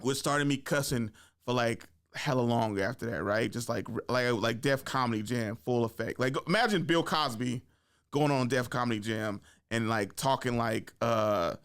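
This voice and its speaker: A young man hosting a podcast, telling stories in a casual, animated way, full of slang and swearing. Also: medium pitch, moderate pace, clean tone. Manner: animated, slangy and profane, with frequent "like" and "right?". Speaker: podcast host. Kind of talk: casual storytelling.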